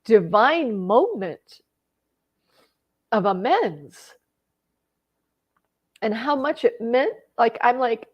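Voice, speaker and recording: A woman's voice: fairly high pitch, big pitch swings, extremely slow, long pauses, lo-fi sound. A middle-aged woman telling a personal story in a conversational way, getting emotional and tearing up at times. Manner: emotional, tearful at times, many restarts. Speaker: personal growth vlogger.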